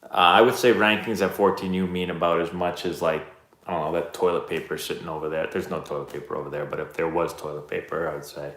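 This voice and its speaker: A man in his thirties hosting a live stream, answering chat questions in a relaxed, rambling, self-deprecating way. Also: low-pitched, fast talker. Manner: laid-back, rambling, self-deprecating storyteller. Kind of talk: casual chat. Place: indoor room, live stream. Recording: roomy echo.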